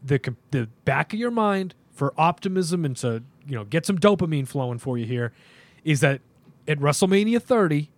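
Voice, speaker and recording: A young man co-hosting a podcast, talking in an animated, opinionated, rambling way with plenty of fillers. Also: on the high side, normal speed, no room sound. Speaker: podcast co-host. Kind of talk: casual podcast chat.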